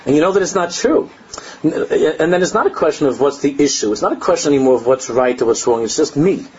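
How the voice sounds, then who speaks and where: An older rabbi with a fairly high, darkish, slightly rough voice speaks fast and animatedly during a Torah class built around stories. He laughs at his own anecdotes and blends Hebrew and Aramaic phrases into English, captured on a dull lo-fi recording.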